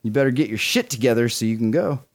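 Man, forties, podcast co-host, excitable, cursing, animated pitch. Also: quick pace. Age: 40s. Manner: excitable, swearing a lot, laughing. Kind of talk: casual podcast chat.

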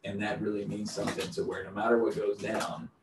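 A man from the United States sharing thoughts in a Bible study, chatty and relaxed, with many "like"s. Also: fairly low pitch, fairly quick. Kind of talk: casual group discussion. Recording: roomy and distant with noise.

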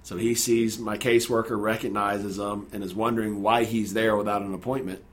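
Guy telling a story, kinda low voice, gets animated. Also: brisk. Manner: earnest, animated retelling with acted-out quotes. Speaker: guest telling his story. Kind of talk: conversational storytelling.

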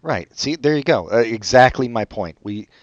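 A man co-hosting a podcast in casual chat, joking in a sarcastic, deadpan way. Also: medium pitch, moderate pace, no room sound, highs cut off. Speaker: podcast co-host.

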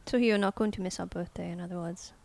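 A woman co-hosting a podcast, asking curious, playful follow-up questions with a creaky voice. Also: on the low side, steady tone, quick pace, darkish tone. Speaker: podcast co-host. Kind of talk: casual podcast chat.

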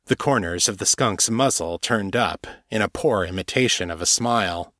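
Fiction narrator, male, low voice, measured delivery, dry booth sound. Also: fairly bright tone, dry recording. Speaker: audiobook narrator.

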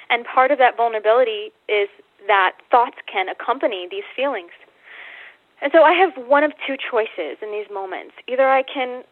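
A woman's voice: medium pitch, no room sound. Woman, candid storyteller, earthy, phone-line sound, dry. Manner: candid and earthy, acts out her own inner voice. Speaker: guest author. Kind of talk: casual storytelling.

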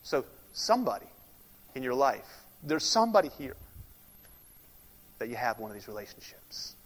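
A male pastor preaching a sermon, swinging from emphatic loud declarations to hushed, almost whispered lines. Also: mid-range voice, very animated, moderate pace. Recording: long hall reverb.

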